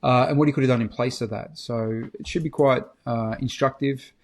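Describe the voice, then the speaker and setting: A man's voice: mid-range voice, steady tone, fairly quick. A man co-hosting a podcast, asking probing questions with hesitant fillers. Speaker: podcast co-host. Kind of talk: casual podcast discussion.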